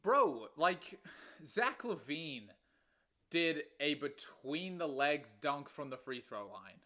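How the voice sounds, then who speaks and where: A man's voice: on the high side, very animated, slow pace, sharp tone. A man in his twenties co-hosting a casual sports podcast, ranting with exasperation and casual swearing. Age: 20s. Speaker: podcast co-host.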